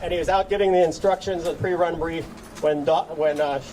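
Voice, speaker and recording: A man's voice: on the high side, steady tone, a little fast, far from the mic, a crowd in the background, low-quality recording. Laughing man telling a story from afar. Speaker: hasher giving a memorial tribute. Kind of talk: casual memorial anecdote.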